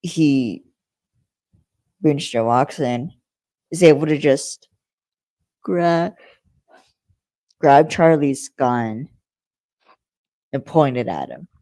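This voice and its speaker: A woman's voice: rumbling low, lively intonation, extremely slow, pauses often, dark tone, no room sound, poor audio. A young woman co-hosting a podcast, retelling a TV episode's plot in a rambling, chatty way with frequent fillers. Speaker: podcast co-host. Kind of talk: casual episode recap chat.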